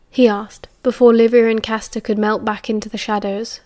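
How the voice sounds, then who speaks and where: A woman with a British accent reading an audiobook in a measured, expressive way. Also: a little high. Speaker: audiobook narrator. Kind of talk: audiobook narration.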